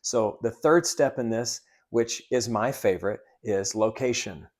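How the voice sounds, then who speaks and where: An upbeat man gives a sales training lesson in a coaching manner. His voice sits at an ordinary middle pitch. He stops now and then to act out the greeting lines he teaches. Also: unhurried, a little hiss or hum. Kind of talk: instructional talk with role-play demos.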